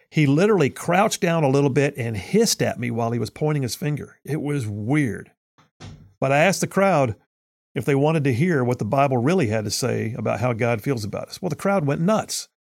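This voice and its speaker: A man's voice: medium pitch, animated, moderate pace, vocal fry, a little mellow, dry recording, studio quality. A man, telling a personal story as a commentator in a folksy, earnest way full of homespun sayings. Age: 50s.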